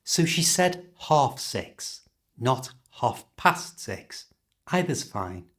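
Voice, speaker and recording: A man with a British accent teaching English learners, explaining everyday phrases and slowly modelling how to pronounce them. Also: mid-range voice, big pitch swings, fairly bright tone. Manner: clear, slow modelling of pronunciation.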